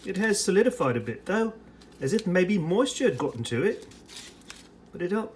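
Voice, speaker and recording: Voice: medium pitch, sing-song, normal speed, a little hiss or hum. An American reviewer in a put-on British accent, giving a chatty running commentary while preparing and tasting ration food in a casual food vlog. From United States.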